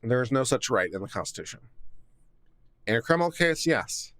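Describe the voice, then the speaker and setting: A man's voice: mid-range voice, big pitch swings, brisk, a bit bright, no echo. A man giving casual legal commentary, reading court filings aloud and mocking them with sarcastic asides, on a studio condenser mic. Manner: sarcastic, reads documents aloud then mocks them.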